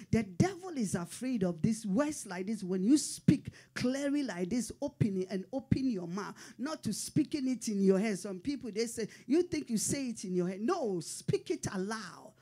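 A woman's voice: medium pitch, mellow, slightly rough. A middle-aged woman pastor preaching a sermon in short, fervent, repeated declarations.

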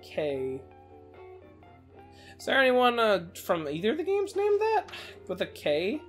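A let's-play host giving casual, excitable commentary while playing, leaning on "like" fillers and swapping swear words for a silly stand-in. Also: mid-range voice, a little fast, faint music behind. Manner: excitable, many "like" fillers, swaps swears for "floof".

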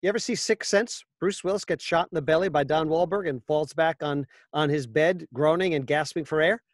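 Dry, slightly high-voiced male voice actor. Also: a little fast, no echo. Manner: wry, anecdotal, jokey. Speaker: voice actor guest. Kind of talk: casual interview.

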